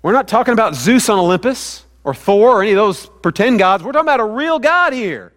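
Pastor, male, high voice, conversational sermon delivery that asks the room questions, church reverb. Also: lively intonation, fast, a bit bright. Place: church sanctuary. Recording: hall reverb.

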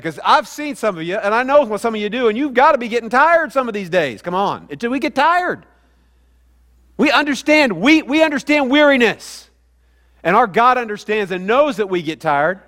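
High-voiced preacher in a reverberant church. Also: male voice, animated, brisk, a bit bright. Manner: conversational preaching, asks the congregation questions. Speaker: pastor. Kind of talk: sermon. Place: church sanctuary. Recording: hall reverb.

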